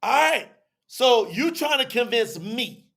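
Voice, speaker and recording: A man with a high voice and a bright, sharp tone, teaching a live audience. He talks in a loose, chatty way and acts out both sides of an argument. He circles back and repeats his points as he explains. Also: expressive, gravelly. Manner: repetitive, drawn-out explaining. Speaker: teacher on a religious telethon.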